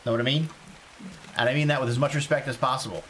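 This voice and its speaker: A man from South Carolina streaming a survival game live, chatting excitedly and greeting viewers by name. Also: mid-range voice, fast talker, background noise. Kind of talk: casual live game commentary.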